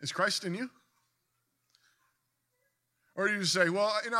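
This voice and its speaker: A man's voice: high-pitched, takes it slowly, pauses often, pushed and bright. A man preaching a sermon in an earnest voice, building to emphatic bursts, often restarting his sentences.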